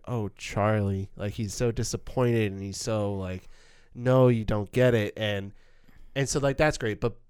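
A man talks through a film scene with a friend, smooth and resonant in tone, his voice dry and close with no room around it. He is animated, trips over his own words and restarts, and now and then acts out a line. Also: medium pitch, no echo. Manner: animated, stumbles and restarts, acts out quoted lines. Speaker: podcast co-host discussing a film. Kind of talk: casual film analysis chat.

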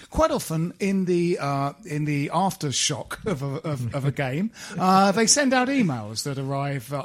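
A man hosting a casual podcast, halting and restarting often with a dry wit. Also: on the high side. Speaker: podcast host.

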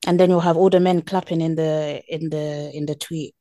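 A woman in casual podcast chat, relaxed and agreeable, often answering briefly. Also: low-pitched, normal speed, dry recording, studio quality.

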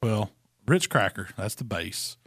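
A man, co-hosting a casual barbecue chat and calmly explaining cooking step by step. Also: lowish voice, unhurried, breathy edge, no room sound, clean studio sound. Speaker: barbecue pitmaster co-host.

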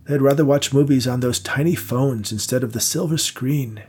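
A man's voice: mid-range voice, moderate pace, darkish tone, breathy edge, pitched above the performer's own voice, close to an everyday voice. A man voicing a fussy, formal old male theater manager who is wary of strangers. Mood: prim, formal.

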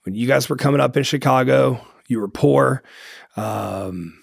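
Man, podcast host, gravelly, husky, casual slang, dry sound. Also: medium pitch, measured pace, no echo. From Hungarian heritage. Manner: casual, laid-back, uses slang. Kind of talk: casual interview questions.

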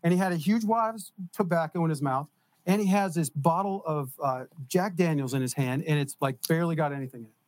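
A man in casual conversation tells a long story with animated energy and quick laughs. His voice sits fairly high for a man. The sound is dry and close. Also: dry recording. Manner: animated, laughs while telling stories. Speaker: guest.

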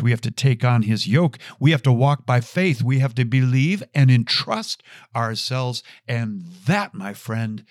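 A man's voice: lowish voice, no room sound, clean studio sound. A man giving an earnest Catholic podcast teaching, telling stories and repeating key phrases for emphasis. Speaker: Catholic speaker.

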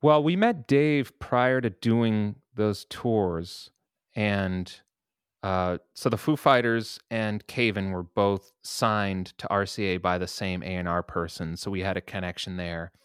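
A musician guest in a casual interview, telling laid-back stories and swearing casually. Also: male voice, lowish voice, measured pace, clean tone, no room sound, studio quality.

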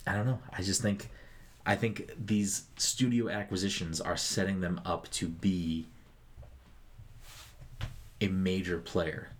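Deep-voiced man chatting about games. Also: fairly even intonation, slow pace, long pauses, slight background noise. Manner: joking, swears freely, rambling. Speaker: podcast co-host. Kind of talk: casual gaming podcast chat.

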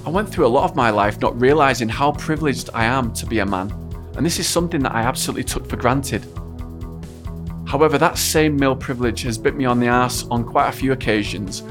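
A man's voice: mid-range voice, brisk. A man hosting a podcast, asking questions and reflecting earnestly. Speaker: podcast host. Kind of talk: interview and reflective monologue. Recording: music bed under voice.

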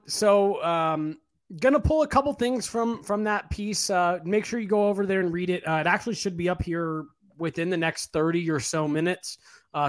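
A man's voice: sits high, fairly bright tone. A man co-hosting a casual sports podcast, talking in a rambling way with a numb mouth after dental work. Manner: rambling, many fillers and restarts, casual swearing. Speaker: podcast co-host and writer.

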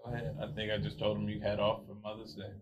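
Man, podcast co-host, slightly low voice, relaxed, explanatory. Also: quick pace, lo-fi sound, crowd noise. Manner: relaxed, explanatory, light laughter. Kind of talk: casual chat.

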